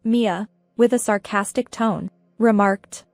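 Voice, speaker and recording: A woman narrating a first-person revenge story in a steady, even manner. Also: medium pitch, takes it slowly, no echo.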